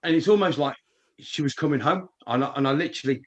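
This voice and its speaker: A man co-hosting a casual chat, telling stories excitedly and repeating words as he rushes on. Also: a little high, lo-fi sound. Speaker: co-host.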